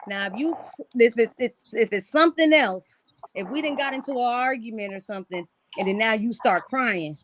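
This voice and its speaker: A woman co-hosting a podcast who talks in an animated, rambling, repetitive way in a casual debate. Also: fairly high pitch, moderate pace, a little hiss or hum. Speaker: podcast co-host.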